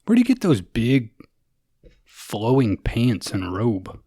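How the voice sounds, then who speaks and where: A man's voice: mid-range voice, sing-song, slow, warm tone, dry recording. A man co-hosting a podcast, loose and joking with plenty of swearing. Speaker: podcast co-host. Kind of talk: casual banter.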